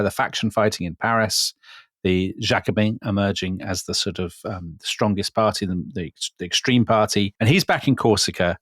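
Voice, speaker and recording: A man with a lowish voice co-hosting a casual history podcast. He narrates events conversationally, checking in with tag questions. The sound is dry and close. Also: a bit bright, no echo. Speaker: podcast co-host.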